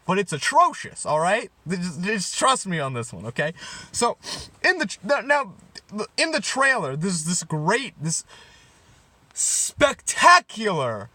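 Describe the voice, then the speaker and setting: A man's voice: high-pitched, big pitch swings, measured pace, pushed and bright, no echo. Young guy ranting in a rambling mock-serious way, voice jumps all over the place, dry close sound. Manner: rambling, stumbling over his words, sarcastic outbursts. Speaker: comedy vlogger. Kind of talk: mock-serious rant to camera.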